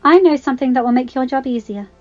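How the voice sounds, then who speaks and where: A woman voicing an earnest, emotional young heroine who speaks brightly. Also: high voice, fast, muffled recording, faint music behind, voice pushed up, close to an everyday voice.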